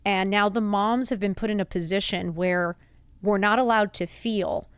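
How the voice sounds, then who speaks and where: A woman's voice: normal speed, clean tone, dry recording. A woman in her fifties hosting a podcast, talking candidly and bluntly to her listeners in a confiding way. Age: 50s. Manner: blunt, confiding, animated with laughs and high put-on quotes. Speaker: podcast host. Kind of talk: candid solo podcast talk.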